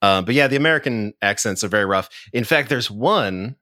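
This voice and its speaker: A man's voice: fairly low pitch, lively intonation, a little fast, sharp tone, no echo. A man co-hosting a movie podcast, explaining the rules with wry, dry humor and small chuckles. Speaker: podcast co-host. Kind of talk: casual podcast chat.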